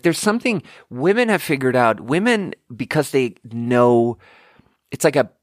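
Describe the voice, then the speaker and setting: A man's voice: lowish voice, dry recording, studio quality. A young man hosting a podcast, telling a story in a rambling, self-deprecating way full of fillers and restarts. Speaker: podcast host. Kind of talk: casual storytelling monologue.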